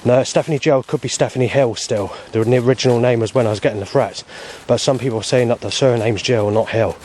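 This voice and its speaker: A man's voice: mid-range voice, fast, darkish tone, a little hiss or hum. A man, rambling in an aggrieved personal monologue, swearing often and restarting his sentences. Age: 40s. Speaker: vlogger.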